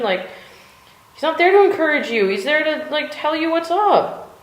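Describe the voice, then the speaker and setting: In a high-pitched, sing-song voice at a moderate pace, a woman from the United States chats and rambles in her cold home art studio. The vlogger uses many fillers and swears now and then, and the room echoes.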